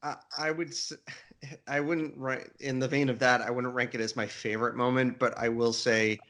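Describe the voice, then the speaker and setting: A man's voice: mid-range voice, little pitch movement, normal speed, a bit bright. A man co-hosting a fan podcast, talking casually and restarting his sentences. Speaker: podcast co-host.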